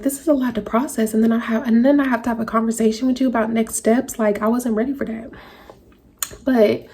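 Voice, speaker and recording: A woman in a vlog telling a personal story to her viewers, speaking in a halting, emotional way. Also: fairly high pitch, a little mellow, slightly rough. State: tearful at times. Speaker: vlogger. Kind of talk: personal story told to camera.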